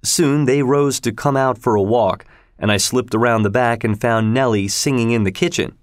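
A man narrating a classic novel in steady, measured audiobook storytelling. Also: medium pitch, no echo, studio quality.

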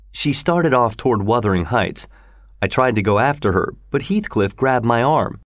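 A man narrating a story in a steady, measured way. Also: mid-range voice, dry recording, clean studio sound. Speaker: audiobook narrator.

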